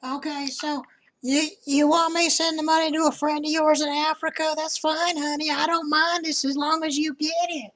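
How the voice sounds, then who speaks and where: A woman's voice: high-pitched, flat delivery, normal speed, a bit bright. A woman playing a sweet-talking old lady who makes crude jokes, on a prank voice chat. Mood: doting. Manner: doting, teasing, crude jokes. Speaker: scambaiter.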